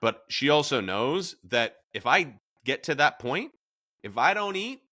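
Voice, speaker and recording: A man's voice: on the high side, big pitch swings, measured pace, pushed and bright. A man hosting a podcast in a casual discussion, telling stories with animation and acting out quoted lines. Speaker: podcast host.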